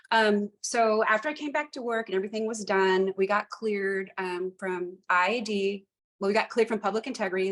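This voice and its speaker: A retired police lieutenant in her fifties, speaking at medium pitch, tells stories conversationally as a guest. She's animated and emphatic, repeating phrases for effect.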